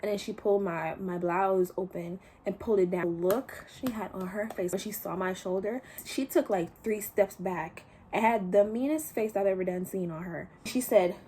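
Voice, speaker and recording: A woman's voice: mid-range voice, moderate pace, few pauses, mellow, slight background noise. A young woman vlogging a casual storytime, retelling events with slang and quoted voices.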